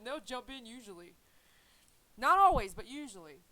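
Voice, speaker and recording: A woman's voice: on the high side, expressive, brisk, pushed and bright, poor audio. A woman who grooms dogs, talking casually and earnestly to her viewers about faith, rambling and repeating herself. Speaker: dog groomer and channel host.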